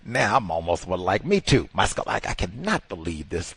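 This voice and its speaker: A man's voice: low voice, lively intonation, moderate pace, few pauses, fairly bright tone, a little hiss or hum. A man hosting a talk show, telling a rambling, exasperated anecdote in casual chat. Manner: rambling, exasperated storytelling with many "like" fillers.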